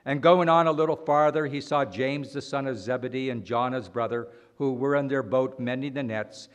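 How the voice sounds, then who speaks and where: A man preaching a sermon, slow and deliberate, swinging between loud emphatic lines and quiet ones. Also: medium pitch, clean tone.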